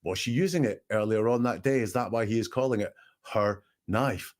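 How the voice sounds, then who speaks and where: A man with a lowish voice breaks down a recording in analytical commentary. He asks pointed questions and stresses his points emphatically. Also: fairly quick. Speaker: statement analyst host.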